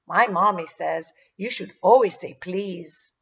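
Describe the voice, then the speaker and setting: A woman's voice: lowish voice, slow. A woman voicing a sulky little preschool girl. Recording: dull lo-fi sound.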